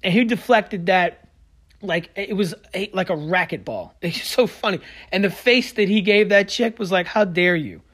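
A man in a heated solo podcast rant, sarcastic and combative. His voice sits a little higher than most men's, and he swings between loud bursts and low, muttered asides. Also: animated, normal speed, husky. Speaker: podcast host. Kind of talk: solo sports opinion rant.

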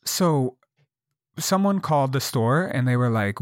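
A man chatting on a podcast, spinning a story with lots of ums and likes. The sound is dry and close, with no room around it. His voice sits at an everyday middle pitch. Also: lively intonation, unhurried, dry recording. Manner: rambling storyteller, many fillers, acts out quotes. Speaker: podcast co-host. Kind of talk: casual chat.

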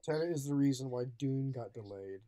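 A man's voice: medium pitch, brisk, mellow. Rambling, profane young man in casual chat. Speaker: podcast co-host.

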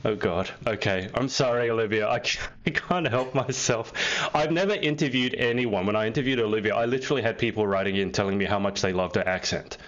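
A man's voice: on the low side, fairly quick, a bit bright, muffled recording. A man hosting a live online interview over a video call, chatty and teasing. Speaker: host.

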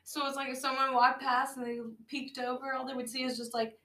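High-voiced woman, off-mic and echoey. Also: little pitch movement, fairly quick, pushed and bright. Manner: reactive, incredulous interjections. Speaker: podcast co-host. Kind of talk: casual movie-review chat. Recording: echoey room, distant from the mic.

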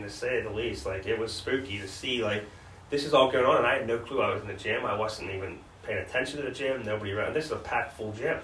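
A podcast co-host with a fairly low pitch and a bright, forceful tone earnestly recounts hard memories in conversation, frequently restarting. His voice comes through a distant mic, sounding roomy with faint background noise.

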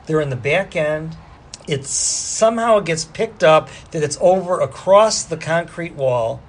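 A man's voice: fairly high pitch, lively intonation, measured pace. A man co-hosting a casual podcast who explains things in a rambling way, with loose asides and restarts. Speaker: podcast co-host. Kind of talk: casual chat.

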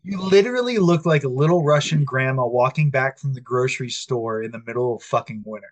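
A man in casual chat, telling a story in an animated, profane way and acting out what people said. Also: mid-range voice, brisk. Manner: animated, profane storyteller who acts out quoted speech.

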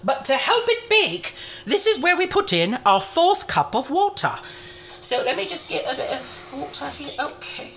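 A woman's voice: high-pitched, sing-song, normal speed, fairly bright tone, exaggerated voice. A woman playing a cheerful, motherly Mrs. Claus who hosts a cooking segment, chatty and rambling with cheeky asides. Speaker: show host in character.

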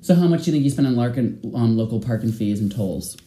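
A man's voice: medium pitch, expressive, quick pace, warm tone. Teasing man hosting casual chat. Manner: teasing, crude, playful. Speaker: vlogger host.

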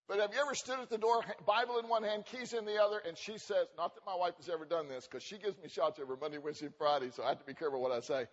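A man preaching a sermon at a church conference, animated and joking, acting out quoted voices. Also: high voice, very fast, few pauses. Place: church sanctuary. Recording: dull recording with long hall reverb.

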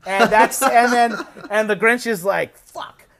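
A man chatting as a podcast guest, animatedly retelling a film plot and slipping into quick put-on voices for the characters. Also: high voice. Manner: animated, recounts plots with quick put-on quotes. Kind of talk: casual storytelling chat.

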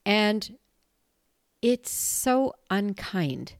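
Candid woman podcaster, smooth and dry. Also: mid-range voice, extremely slow, no echo. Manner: candid, animated, laughs often and swears. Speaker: podcast host. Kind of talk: casual solo podcast monologue.

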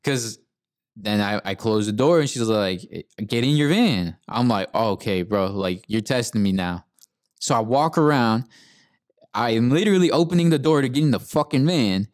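A man's voice: mid-range voice, lively intonation, moderate pace, dry recording, studio quality. A young man co-hosting a podcast, telling a rant in a laid-back, profane way and saying "bro" a lot. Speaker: podcast co-host. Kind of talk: casual storytelling rant.

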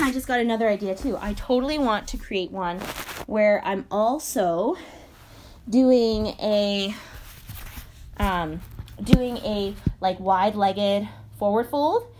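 A woman's voice: medium pitch, a little hiss or hum. A woman yoga teacher chatting enthusiastically in a casual vlog, talking while she moves through yoga poses. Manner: chatty, enthusiastic, rambling with many fillers.

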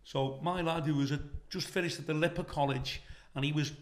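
A middle-aged Liverpool comedian with a Scouse accent, appearing as a guest, tells stories in casual chat, swearing freely and getting animated when he quotes others. His voice sits on the high side and moves a little fast.

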